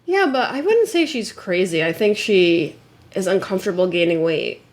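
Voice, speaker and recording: A woman's voice: lowish voice, animated, moderate pace. A young woman co-hosting a casual podcast, chatting candidly, swearing freely and reading stories aloud. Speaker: podcast co-host.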